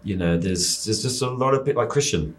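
A man's voice: fairly low pitch, lively intonation, fairly quick. A man with a New Zealand accent, a film director guest in a casual interview, talking in a loose, rambling way full of fillers.

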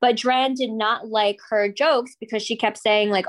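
A woman's voice: a little high, steady tone, normal speed. A woman co-hosting a podcast in casual chat, blunt and laughing, swearing freely. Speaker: podcast co-host.

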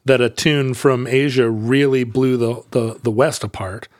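Brief: middle-aged male co-host, mid-pitched, wry, dry close mic. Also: steady tone, unhurried, no echo. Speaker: podcast co-host. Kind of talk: casual chat.

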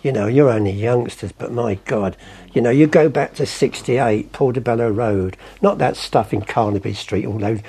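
A man's voice: mid-range voice, normal speed, creaky, dark tone, slightly rough. An older man from England, a chatty raconteur telling anecdotes in an interview and acting out the voices in his stories. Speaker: artist and storyteller guest.

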